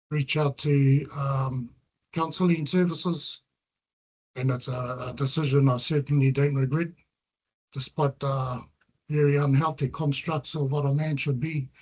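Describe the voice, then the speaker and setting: Earnest New Zealand man, fairly high voice. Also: a little mellow. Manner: earnest and reflective, weaving Māori terms into English. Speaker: researcher presenting his work. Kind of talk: presentation talk with slides.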